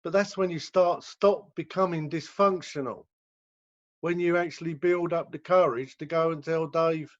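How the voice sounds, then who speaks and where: On a lo-fi, muffled video call, a rehab director from England chats about recovery and performs the quoted voices of the people he describes. His voice is on the high side, with a steady tone and moderate pace.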